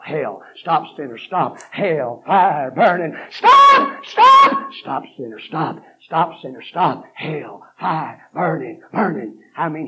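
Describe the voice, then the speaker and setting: A man preaching a fiery revival sermon, telling a story that builds from low, quick talk to shouted repetition. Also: slight background noise. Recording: dull lo-fi sermon recording.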